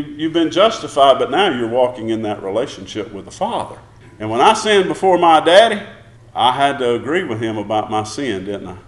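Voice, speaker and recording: A male pastor preaches a sermon, often turning to the congregation with questions and acting out short prayers. His voice sits high and moves a great deal. The church around him sounds roomy and echoing. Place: church sanctuary.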